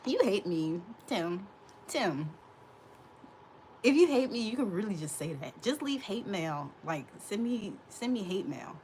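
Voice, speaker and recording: This livestream host, a woman in her thirties, banters with her chat from a hot room, laughing and sassy throughout the casual stream. Her medium-pitched voice swings widely in pitch and comes across a little slow and a little mellow over slight background noise.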